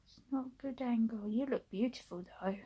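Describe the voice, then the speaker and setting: A woman's voice: on the high side, a little fast, husky. A young woman vlogging at home, out of breath, chatting casually and often dropping into a whisper. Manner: coos softly to her cat. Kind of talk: casual vlog chat.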